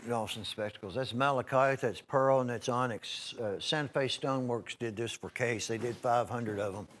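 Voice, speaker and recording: A man's voice: medium pitch, moderate pace, fairly bright tone, slight background noise. Home-shopping host, man, drawl, chatty and rambling, mid-range voice. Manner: folksy, rambling, frequent "uh" and restarts, addresses "folks". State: clearing his throat now and then. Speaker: TV shopping host selling knives. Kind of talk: live home-shopping sales pitch.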